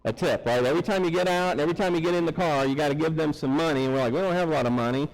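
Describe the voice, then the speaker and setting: A man preaching a sermon, telling a story in an animated way and acting out the people in it. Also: fairly high pitch, racing, poor audio. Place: church sanctuary.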